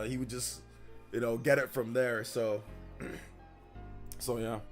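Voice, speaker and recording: A man in his thirties chatting casually with his live-stream audience, rambling and slangy, repeating himself. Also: medium pitch. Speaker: streamer reading chat.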